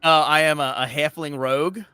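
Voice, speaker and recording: A man's voice: on the high side, fairly even intonation, fairly quick, bright, forceful tone, smooth, no echo. A man interviewing a guest casually, asking rambling questions full of fillers.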